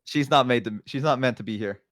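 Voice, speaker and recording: A man's voice: mid-range voice, quick pace, fairly bright tone, dry recording, studio quality. A young man with a Southern US accent, a streamer hosting a casual livestream chat and telling stories in a rambling, hesitant way full of fillers. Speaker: streamer host.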